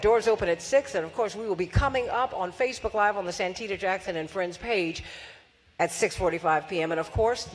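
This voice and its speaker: A woman hosting a live forum, rousing the audience with repeated phrases and calls for applause. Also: medium pitch. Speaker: forum host and radio host. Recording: long hall reverb.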